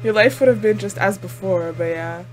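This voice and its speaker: Faint music plays behind a woman with a medium-pitched voice speaking at a moderate pace. Reacting to an anime, she chats expressively, leaning heavily on "like," often laughing and calling out at what she sees.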